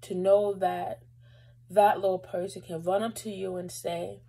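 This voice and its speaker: A woman's voice: mid-range voice, flat delivery, unhurried, vocal fry, dark tone, breathy edge, low-quality recording. A young woman vlogger telling a personal story to camera in a rambling, casual way, fighting back tears at times. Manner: emotional, holding back tears; rambling, lots of fillers.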